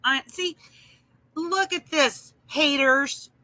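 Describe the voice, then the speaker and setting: Bright high-voiced woman livestreaming. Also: drawn-out words, no room sound. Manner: emphatic, responds to chat by name. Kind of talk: casual livestream chat.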